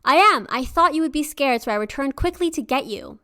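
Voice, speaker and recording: A woman's voice: high-pitched, animated, fairly quick, bright, forceful tone, pitched above the performer's own voice. A woman voicing a sly old tiger spirit aunt. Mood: coaxing. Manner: coaxing, falsely sweet.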